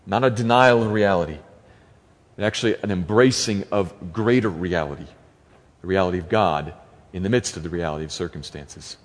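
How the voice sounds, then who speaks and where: A man's voice: lowish voice, animated, normal speed, pauses often. A man preaching a sermon, reading scripture aloud and then explaining it earnestly, repeating key phrases for emphasis. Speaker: pastor. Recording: long hall reverb.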